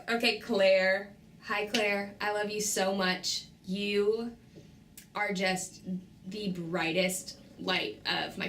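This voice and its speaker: A woman's voice: medium pitch, gravelly, a bit bright, reverberant, a little hiss or hum. A young woman in her twenties giving gushing, emotional farewell tributes at a banquet, laughing and sighing between lines. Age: 20s. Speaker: student tour guide giving farewell tributes. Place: banquet room indoors.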